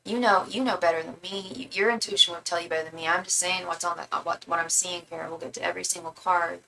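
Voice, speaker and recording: A woman's voice: on the low side, fairly even intonation, fast, vocal fry, far from the mic, a crowd in the background, poor audio. A young woman reading tarot on a live stream, chatting casually and rambling, sometimes murmuring repeated invocations. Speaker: tarot reader.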